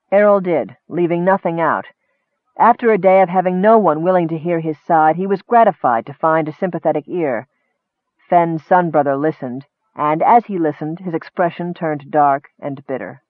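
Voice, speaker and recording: A man reading a fantasy novel aloud in an even, measured narration. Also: fairly high pitch, dry recording. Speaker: audiobook narrator. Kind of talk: scripted narration. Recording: tinny phone-like audio.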